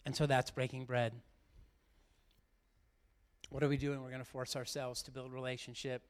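A man's voice: mid-range voice, level tone, normal speed, clear, resonant tone. A middle-aged man, a pastor, giving an earnest, heartfelt sermon and speaking directly to his congregation in church. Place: church sanctuary.

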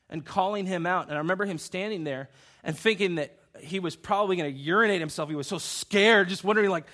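A man's voice: on the high side, brisk, fairly bright tone. A young man, a pastor, preaching through personal stories and acting out the voices of people he quotes. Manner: storytelling, acts out quoted voices.

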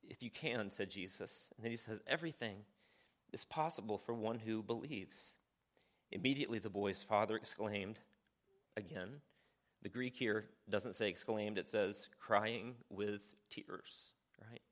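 A man preaching a sermon as a pastor, earnest and conversational, often checking in with the congregation and sometimes dropping to a hushed near-whisper for emphasis. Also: lowish voice, measured pace. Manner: earnest, conversational preaching with frequent "right?" asides.

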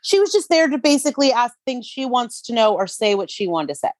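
A woman's voice: on the high side, fairly quick, dry recording, clean studio sound. A woman co-hosting a podcast, chatting casually and bluntly about a reality show. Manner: blunt, opinionated, lively. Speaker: podcast co-host.

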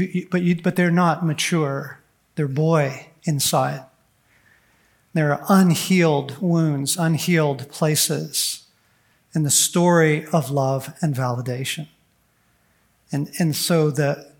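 A middle-aged man with a slightly raised voice speaks earnestly to a room of men. His delivery is animated and heartfelt. He sometimes drops into the voices of people in his stories. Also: fairly high pitch. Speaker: speaker at a men's conference. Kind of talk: heartfelt talk to a men's gathering.

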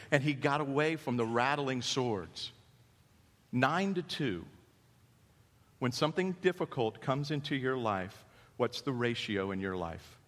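A man preaching a sermon as a pastor, animated and storytelling, dropping to hushed tones and rising again. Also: mid-range voice, unhurried. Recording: long hall reverb.

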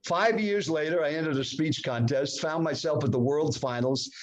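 Animated older man telling a story. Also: normal speed. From United States. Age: 70s. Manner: animated, dramatic pitch swings. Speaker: guest speaker. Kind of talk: storytelling in a podcast interview.

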